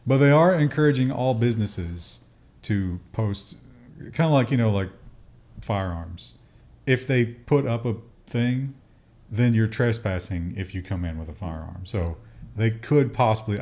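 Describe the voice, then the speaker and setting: A man's voice: lowish voice, a little mellow. A man co-hosting a casual tech news show, chatty and joking, often slipping into mocking voices. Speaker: co-host.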